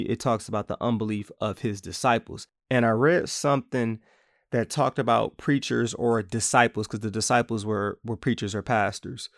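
A man's voice: mid-range voice, dry recording, clean studio sound. A man hosting a podcast, teaching from the Bible in a casual, conversational way and playfully acting out quotes.

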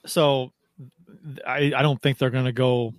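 A man co-hosting a casual hockey podcast, incredulous and quick to laugh, often restarting his sentences. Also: mid-range voice, fairly even intonation, no echo, clean studio sound. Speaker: podcast co-host.

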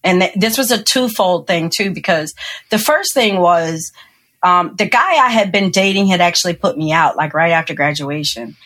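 A woman, a podcast guest telling a personal story with lively acted-out quotes and frequent laughter. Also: fairly low pitch, normal speed. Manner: animated storyteller, acts out quotes, laughs often. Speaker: podcast guest, engineer and speaker. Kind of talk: storytelling interview.

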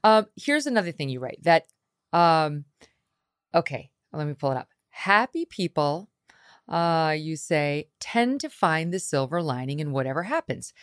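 A middle-aged woman hosting a podcast interview, telling animated stories and putting on voices when she quotes people. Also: low voice, dry recording, clean studio sound. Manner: animated storytelling, acts out voices when quoting. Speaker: podcast host. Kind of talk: conversational interview.

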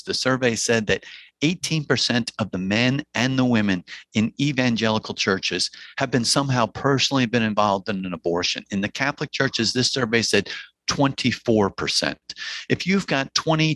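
Earnest and emphatic, a physician guest from New Jersey delivers sermon-like testimony on a podcast, repeating phrases to drive his points home. He has a medium-pitched, fairly bright voice, captured dry on a close mic.

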